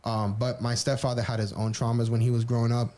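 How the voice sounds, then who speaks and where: A man's voice: medium pitch, flat delivery, fast talker, dark tone. A man on a podcast candidly telling his personal story, rambling with frequent restarts and casual swearing. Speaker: podcast co-host.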